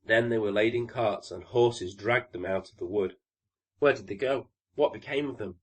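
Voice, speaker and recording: A man narrating a classic fairy tale audiobook in a calm, even storytelling manner. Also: on the low side, moderate pace.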